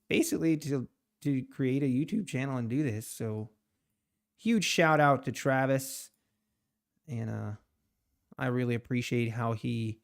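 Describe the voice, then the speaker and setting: Casual male trading streamer, mid pitch, rambly, laughs easily while reading chat. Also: smooth. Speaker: live-streaming day trader.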